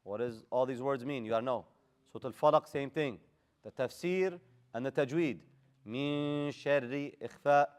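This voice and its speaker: Smooth-voiced man teaching recitation. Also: mid-range voice, fairly quick. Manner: casual, direct corrections with modeled Arabic recitation. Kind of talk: live tajweed class instruction. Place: classroom.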